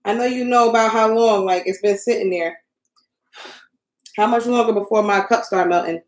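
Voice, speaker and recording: Young woman host, flustered, self-mocking live-stream chatter, middle pitch, roomy echo. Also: moderate pace. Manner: flustered, talks to viewers while crafting. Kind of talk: casual live-stream chat.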